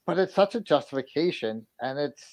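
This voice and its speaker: A man's voice: on the high side, lively intonation, a little fast, a little mellow, poor audio. A man in casual podcast chat, speaking in a hesitant, thoughtful way with many fillers.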